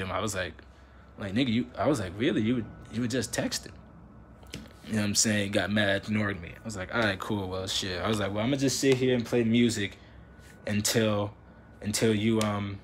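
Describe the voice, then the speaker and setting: A man's voice: lowish voice, slight background noise. Slangy young man ranting through a story. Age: young adult. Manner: animated slangy storytelling, acts out both sides of the dialogue. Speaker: vlogger. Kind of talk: casual storytelling rant.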